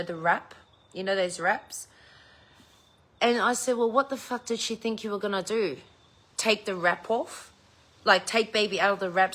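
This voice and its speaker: A woman's voice: lowish voice, a bit bright. A middle-aged woman, chatting casually with viewers, telling a story and swearing freely. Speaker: vlogger chatting live with viewers. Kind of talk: casual chat.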